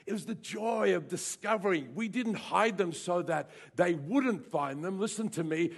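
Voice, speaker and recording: A male pastor preaching a lively sermon to his congregation, with playful asides and bursts of raised voice. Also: high voice, normal speed, gravelly, breathy edge. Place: church hall with congregation.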